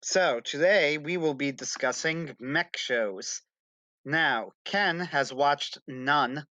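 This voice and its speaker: A man's voice: a little high, slow pace, sharp tone, dry recording. A man hosting a livestream, easygoing and casual as he sets up the day's topic. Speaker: livestream host. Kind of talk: casual chat.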